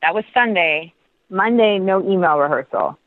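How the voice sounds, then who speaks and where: A middle-aged woman telling a story as an interview guest, lively and animated, with quick asides and restarts. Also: lowish voice, dry recording. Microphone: phone. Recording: tinny dry phone line.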